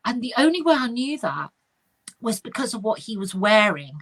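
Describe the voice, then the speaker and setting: A middle-aged woman, a spiritual medium telling an animated story in casual chat. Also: a little high, normal speed, slightly rough. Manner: animated anecdotal, chatty with fillers.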